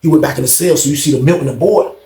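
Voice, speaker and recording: Storyteller: a high-voiced, gravelly man, lively and profane, in a roomy space. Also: racing. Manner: animated, profane, laughs often. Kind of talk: casual storytelling.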